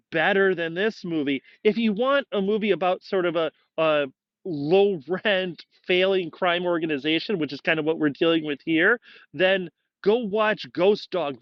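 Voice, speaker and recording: High-voiced exasperated man ranting. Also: dry recording, muffled recording. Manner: exasperated, rambling, frequent restarts. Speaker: movie reviewer. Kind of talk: casual spoken review.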